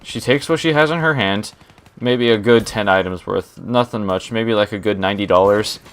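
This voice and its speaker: A man's voice: lowish voice, moderate pace. A young man telling a rambling work story while playing a shooter game, often breaking off to react to the match. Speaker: gaming storyteller. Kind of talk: story time over gameplay commentary.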